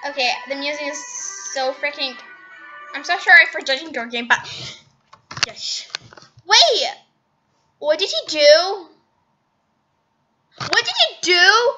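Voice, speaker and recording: Lady gaming commentary, high voice, takes her time, gets all worked up and laughs at herself. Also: noisy background. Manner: excitable, gasping and laughing at her own mistakes. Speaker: gaming channel host. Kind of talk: casual game commentary.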